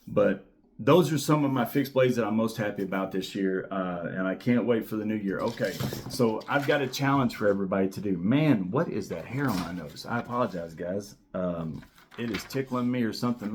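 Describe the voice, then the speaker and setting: A man's voice: fairly low pitch, normal speed, noisy background. A man in his thirties hosting his own knife channel, talking casually to camera in a rambling, enthusiastic way with lots of fillers and repeated words. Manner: repeats key words for emphasis. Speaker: knife reviewer and channel host.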